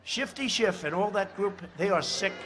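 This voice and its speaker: Speaking at a podium mic during an outdoor rally, a man in his seventies meanders through his remarks, tossing in sarcasm and repeating lines. His high voice is expressive at a moderate pace, set against heavy background noise.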